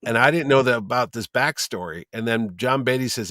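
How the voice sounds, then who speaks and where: A middle-aged man, a convention producer, telling lively anecdotes as a guest and acting out the people he quotes. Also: mid-range voice, fairly quick, few pauses, no echo, clean studio sound. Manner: lively storyteller who acts out quoted people. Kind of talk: casual podcast chat, anecdotes.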